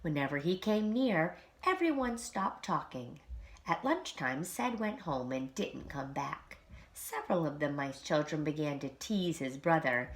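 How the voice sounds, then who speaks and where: A woman, a preschool teacher, reading a children's storybook aloud in an expressive, animated way. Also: low voice, unhurried.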